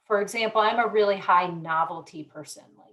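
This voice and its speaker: A woman psychologist from Colorado, explaining ideas in a measured way with everyday examples during an interview. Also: mid-range voice, fairly bright tone, poor audio. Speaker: psychologist guest. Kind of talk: conversational interview.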